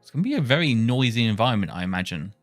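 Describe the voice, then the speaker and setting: A man talking to himself while testing speech software, muttering and correcting himself as he goes. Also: mid-range voice, very animated, very fast, soft background music. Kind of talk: casual thinking-aloud coding session.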